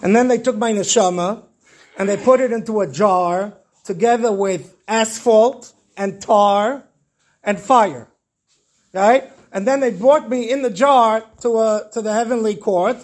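Rabbi, male, high voice, animated storyteller who acts out the dialogue. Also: measured pace. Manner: lively storyteller acting out dialogue with Hebrew terms. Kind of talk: storytelling Torah class.

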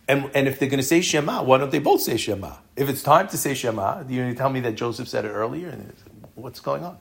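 A man's voice: medium pitch, gravelly. Earnest man teaching a Torah class. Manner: explains with rhetorical questions.

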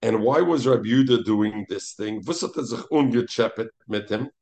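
A man gives an animated Talmud lesson, weaving Hebrew and Yiddish terms into his English and acting out the rabbis he quotes. His voice is on the low side at a moderate pace, with slight background noise.

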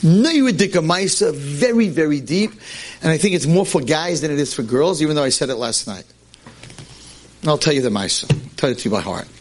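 A man giving a storytelling lecture to a group. He speaks with animated emphasis, his pitch slightly high and rising and falling a lot. Quick repeats stress the key points.

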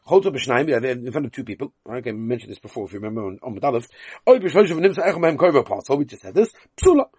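A man's voice: mid-range voice, animated, racing, darkish tone, husky, no room sound. A man leading a Talmud class, reading the Aramaic text aloud and explaining it in with frequent questions. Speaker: Talmud teacher.

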